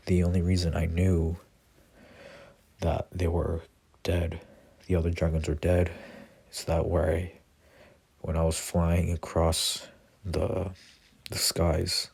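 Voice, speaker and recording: A man voicing a lonely ancient male dragon who speaks calmly and matter-of-factly. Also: low voice, gravelly, husky, full character voice. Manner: calm, matter-of-fact.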